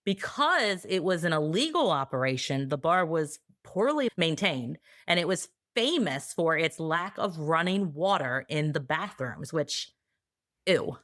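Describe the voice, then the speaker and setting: A woman co-hosting a podcast, telling history in a casual, sarcastic, animated way. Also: low-pitched, unhurried, dry recording, studio quality. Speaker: podcast co-host.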